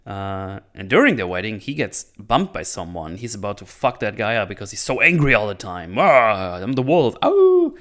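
Man, lowish voice, casual film recap, rambling, laughs a lot, acts out lines. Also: lively intonation, a little fast, few pauses, fairly bright tone. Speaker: channel host reviewing a movie. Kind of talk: casual movie recap and commentary.

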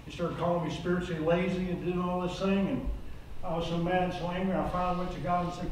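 A man's voice: high-pitched, fairly even intonation, quick pace, a little hiss or hum. Older man preaching in an echoey room. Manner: earnest, plain-spoken, rises to urgent exhortation. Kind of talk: sermon. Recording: echoey room, voice from far off mic.

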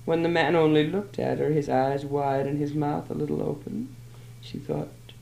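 A woman author reading her own short story aloud in a measured, plain narration. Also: sits low, flat delivery, vocal fry, mellow, a little hiss or hum. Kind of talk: literary reading. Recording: roomy old archive recording.

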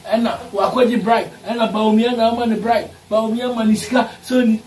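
A man with a Ghanaian accent giving a heated political rant, forceful and repeating his lines for emphasis while mixing English and Twi. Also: very high-pitched, little pitch movement, a little fast. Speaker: party supporter. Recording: echoey room, distant mic, faint ambience.

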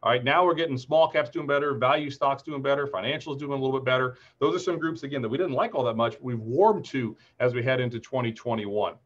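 A chatty, upbeat man in his forties walks through a market outlook on a webinar, with personal stories mixed into the charts. His voice sits at an ordinary middle pitch. The audio is slightly dull and lo-fi, as if it came over a video call. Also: fast, few pauses. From Ohio, USA. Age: 40s. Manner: chatty, upbeat, tells anecdotes between chart talk. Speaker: market strategist presenter. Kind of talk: webinar presentation.

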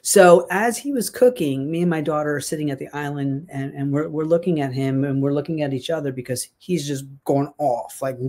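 A woman telling a personal story in a casual, chatty way, animated and full of fillers and restarts. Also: deep voice, brisk, hardly any pauses. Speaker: guest sharing a success story.

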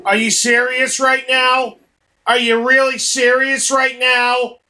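A young man commenting on his own gameplay, frustrated and swearing with shouted outbursts. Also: very high-pitched, monotone, slow pace, slight background noise. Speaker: gaming video host. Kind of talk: angry let's play commentary.

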